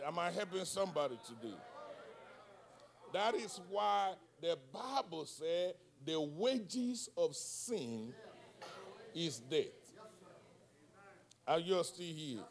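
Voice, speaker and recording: High-voiced preacher, slow and declaiming. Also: male voice. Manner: call-and-response preaching, swinging from hushed to shouting. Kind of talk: sermon.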